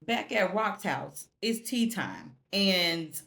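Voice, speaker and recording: A woman's voice: medium pitch, lively intonation, slow, gravelly, a bit bright. A woman giving a casual episode recap to her viewers in a slangy, profane way that speaks straight to them.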